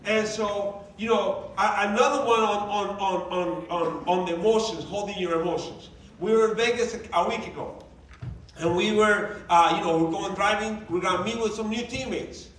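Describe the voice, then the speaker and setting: A man, a coach and motivational speaker, tells personal stories to a live audience in an animated, emotional way. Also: sits high, a little hiss or hum. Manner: animated, emotional storytelling with shifting volume and quick asides. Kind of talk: storytelling talk to a live audience. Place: large event room. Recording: echoey hall, distant mic, audience nearby.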